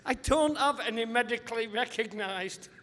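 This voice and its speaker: High bright-voiced man telling tales. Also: normal speed, in a large hall. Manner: rambling animated anecdotes, acting out voices. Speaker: comedian guest. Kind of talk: live podcast interview.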